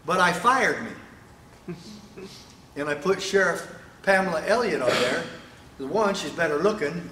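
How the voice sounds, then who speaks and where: Emphatic male speaker, highish and forceful, rhetorical and fiery, hall echo. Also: recorded from a distance, slight background noise. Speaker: speaker at a sheriffs' event. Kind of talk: political speech. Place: event hall with audience. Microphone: microphone, sometimes stepping away. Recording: echoey hall.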